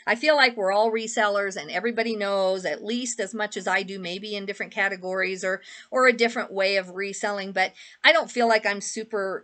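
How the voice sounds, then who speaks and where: A woman's voice: mid-range voice, sharp tone. A woman reseller chatting casually through a clothing haul, rambling with lots of fillers and asides. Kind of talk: casual haul vlog chat.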